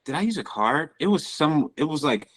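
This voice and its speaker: A young man co-hosting a podcast, talking casually in slangy, animated speech. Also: on the high side, brisk, low-quality recording. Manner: slangy, animated, says bro a lot. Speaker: podcast co-host. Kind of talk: casual chat.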